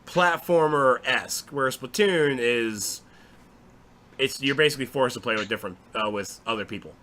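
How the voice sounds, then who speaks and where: A man hosting a casual recap of game news, excitable and swearing freely. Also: medium pitch, moderate pace, a little hiss or hum. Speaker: gaming show host.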